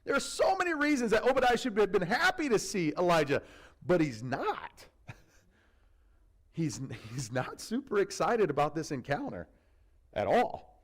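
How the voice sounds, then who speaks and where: Lively, high-voiced male preacher. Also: normal speed, poor audio. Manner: animated storytelling, conversational asides. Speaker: pastor. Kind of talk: sermon.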